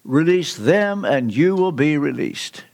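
A man voicing an older Romanian friend with a Romanian accent, giving firm, slow counsel. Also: a little high, sing-song, gravelly, a little mellow, full character voice. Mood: firm urging.

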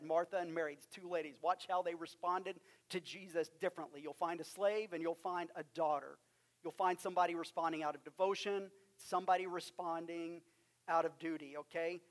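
A man with a West Texas accent preaching a sermon, emphatic, with drawn-out stresses and rhetorical questions. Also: sits high. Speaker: pastor.

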